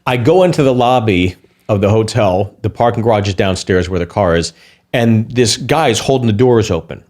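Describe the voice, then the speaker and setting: A man's voice: lowish voice, animated, moderate pace, darkish tone. A man who is a comedian, telling a heated, profane anecdote in a casual podcast chat.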